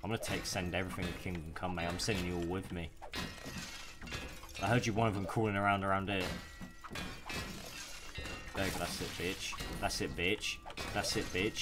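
A man's voice: sits low, fairly even intonation, normal speed, pauses often. A young man giving casual, profane gameplay commentary and taunting the enemies he hunts. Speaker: gaming YouTuber. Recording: music playing behind the voice.

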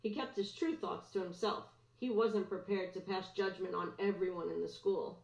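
Woman teacher, storybook read-aloud, mid-pitched, echoey and muffled room sound. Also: steady tone, moderate pace, creaky, a little mellow. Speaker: teacher reading aloud to students. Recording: roomy, dull lo-fi recording.

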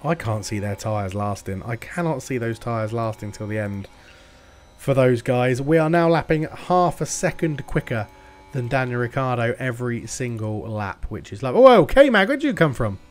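Male gaming host, excitable play-by-play, swears and shouts at the screen. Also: medium pitch, normal speed. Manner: excitable, swears and yells at the game. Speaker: gaming YouTuber. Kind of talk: game commentary.

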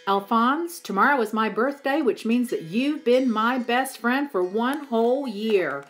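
A woman's voice: on the high side, a little slow, soft background music, pitched above the performer's own voice. A woman playing an eager, earnest young boy. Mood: excited. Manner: earnest, excited. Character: eager young boy, devoted pet owner.

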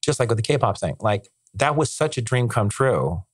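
A man chatting as a podcast guest, excited and rambling, with lots of filler words and restarts. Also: medium pitch, normal speed, dry recording. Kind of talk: casual conversational interview.

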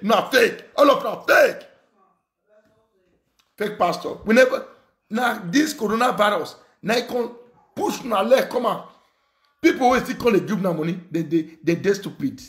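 A man's voice: high-pitched, lively intonation, measured pace, pauses often. Angry Nigerian man ranting in pidgin. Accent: Nigerian Pidgin English. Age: young adult. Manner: shouting insults, mocking laughter, repetitive. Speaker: online commentator. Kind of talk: angry rant.

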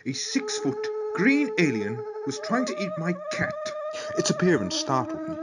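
A man's voice: sits high, wildly swooping pitch, normal speed, heavy background noise. A man putting on a posh, pompous storyteller. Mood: dramatic. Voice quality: posh, overly formal. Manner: dramatic, flowery storytelling. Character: pompous posh young man telling a tale. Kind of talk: comic sketch narration.

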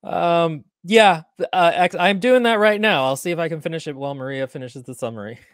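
A woman's voice: lowish voice, brisk, dry recording, clean studio sound. A woman co-hosting a book podcast in casual chat, reading out viewer comments between her own remarks. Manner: reads out viewer comments, chatty with fillers.

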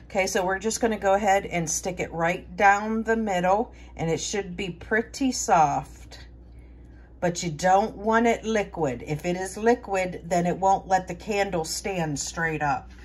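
A woman hosting a home preparedness channel, walking through a hands-on demonstration in a relaxed, chatty way, thinking aloud with fillers and restarts. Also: mid-range voice, measured pace. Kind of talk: casual how-to demonstration.

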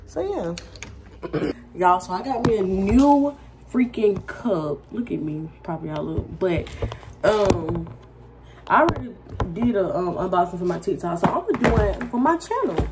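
A woman's voice: lowish voice, heavy background noise. Chatty young woman vlogging. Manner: chatty, addresses viewers as y'all, gushing. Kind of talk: casual vlog chat. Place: home bedroom, indoors.

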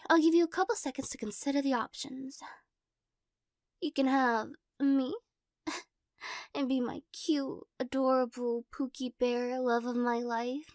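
A woman's voice: sits high, darkish tone, dry recording, clean studio sound. A woman playing a weird, giggly girl in whispered role-play.

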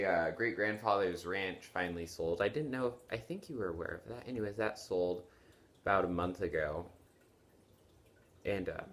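A sleepy teenage boy talks to his camera from his bedroom, his voice sitting quite low. He rambles and apologizes, stalling on ums and restarting his sentences. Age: late teens. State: tired and yawning. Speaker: vlogger. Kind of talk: casual chat to camera. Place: bedroom at home.

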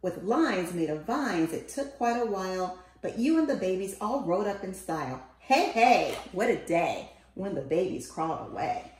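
A woman reading a children's picture book aloud in an expressive, sing-song way, calling out the quoted lines. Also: lowish voice, moderate pace, few pauses. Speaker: storybook reader. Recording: roomy, echoey room.

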